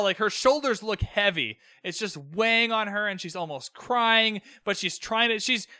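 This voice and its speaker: Young male solo podcast host, animated and earnest. Voice is high and very bright, with dry, close sound. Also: clear, resonant tone, no room sound. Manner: animated, earnest, retells scenes with quoted voices. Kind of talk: solo episode recap podcast. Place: room, alone.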